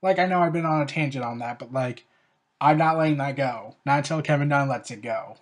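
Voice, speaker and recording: A show host talking through a review in a loose, rambling way, peppering sentences with "like". The delivery is opinionated and slides into sarcastic rants, with a voice that sits at an ordinary middle pitch. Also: brisk. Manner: rambling and opinionated, with frequent "like" fillers; ranting, with sarcastic asides. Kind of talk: casual spoken review.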